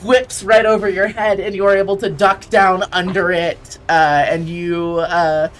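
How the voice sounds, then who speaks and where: A woman running a tabletop game as game master, narrating at an unhurried pace with frequent ums and uhs. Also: mid-range voice, little pitch movement, a little hiss or hum.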